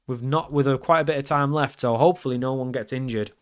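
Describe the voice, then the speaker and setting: A man giving live commentary over his own football management game, frustrated and grumbling, then suddenly loud. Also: medium pitch, fast, clean tone. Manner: excitable, swings from frustrated grumbling to loud outbursts. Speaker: gaming commentator.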